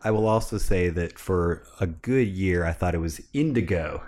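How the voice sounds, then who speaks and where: Low-ish male co-host, loose rambling talk with little laughs. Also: normal speed, darkish tone. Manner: rambling, chuckling asides. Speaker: podcast co-host. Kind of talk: casual chat over a movie watch party.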